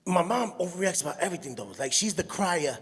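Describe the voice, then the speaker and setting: A middle-aged man telling stand-up stories, acting out his mother with shrill shrieks. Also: fast talker, breathy edge. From Puerto Rican heritage. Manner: animated storytelling, acts out his mother with high shrieks. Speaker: stand-up comedian. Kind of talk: stand-up comedy routine. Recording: long reverb of a show hall.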